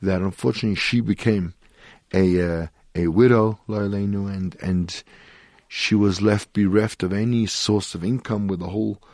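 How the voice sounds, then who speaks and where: A man's voice: on the low side, fairly even intonation, normal speed, darkish tone, no echo, studio quality. A middle-aged man, a rabbi hosting a Torah talk radio show, telling stories sprinkled with Hebrew and Yiddish terms.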